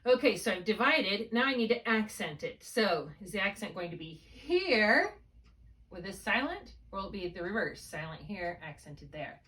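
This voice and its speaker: A woman's voice: mid-range voice, very animated, normal speed, a bit bright. Woman tutor on a video call, patient and methodical, mid-range voice, slightly distant from the laptop mic. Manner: patient, explains step by step with check-in questions. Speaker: reading tutor. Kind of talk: one-on-one spelling lesson. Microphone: laptop mic, held while writing.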